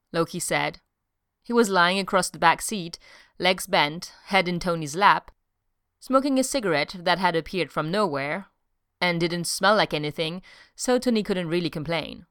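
A woman narrates a story in a measured, even reading. Her voice is smooth and on the low side. The recording is dry and close. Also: no room sound. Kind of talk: audiobook reading of fiction.

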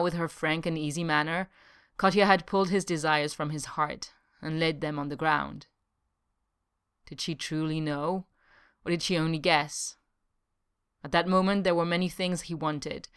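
A woman narrates a novel as an audiobook reader, telling the story in a measured, unhurried, steady way. Her low voice is smooth and resonant with a fairly bright tone, and the narration is scripted.

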